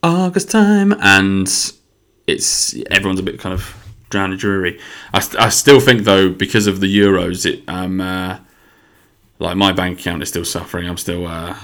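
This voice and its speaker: Young podcast host, low voice, rambling and sweary. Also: male voice, level tone, moderate pace, fairly bright tone. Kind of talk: casual solo podcast monologue. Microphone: podcast microphone.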